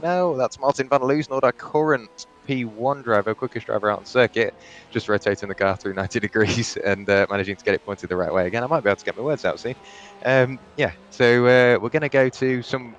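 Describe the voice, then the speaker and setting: A man's voice: fairly low pitch, highs cut off, slight background noise. A young man doing live sim racing commentary, chatty and rambling, with frequent restarts and asides.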